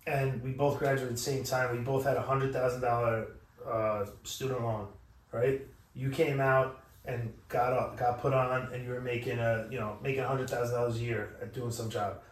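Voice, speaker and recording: A man in casual podcast chat, telling stories in an animated, profane way. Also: medium pitch, normal speed. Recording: echoey room, mic at a distance.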